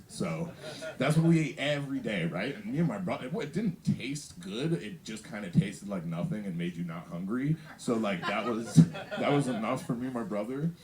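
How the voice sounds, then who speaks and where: A young man with a lowish, mellow voice performs a stand-up set. His delivery is loose and rambling, full of fillers, and he laughs at his own lines as he goes. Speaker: stand-up comedian. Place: comedy venue with a live audience.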